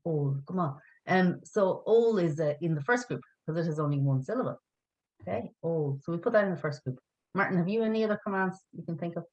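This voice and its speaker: A woman's voice: on the low side, lively intonation, fairly quick, darkish tone, low-quality recording. A woman teaching an online language lesson, patient and encouraging, spelling words out letter by letter.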